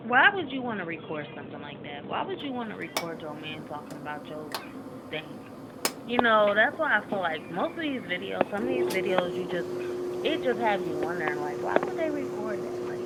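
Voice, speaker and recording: A woman vlogger giving rambling casual commentary, full of fillers. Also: on the low side. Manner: rambling, chatty, many fillers. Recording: tinny phone-like audio with faint noise.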